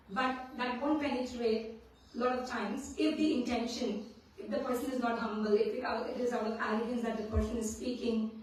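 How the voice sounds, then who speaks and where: Woman, scripture class speaker, storytelling manner, high voice, booming temple hall. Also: darkish tone. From India. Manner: storytelling, often checks in with "right?". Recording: very echoey hall, mic at a distance.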